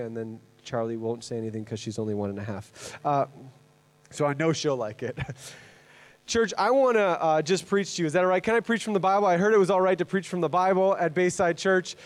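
A male guest preacher from Canada, in his thirties, talks to the congregation in a loose, chatty way. He rambles and makes fun of himself, with plenty of fillers. His voice sits a little high. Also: brisk. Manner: chatty, self-deprecating, rambling with many fillers. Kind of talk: casual sermon introduction.

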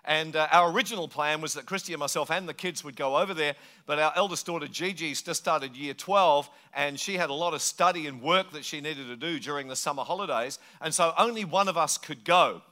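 Middle-aged man, pastor, animated storytelling sermon, bright voice. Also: fairly high pitch, brisk, few pauses.

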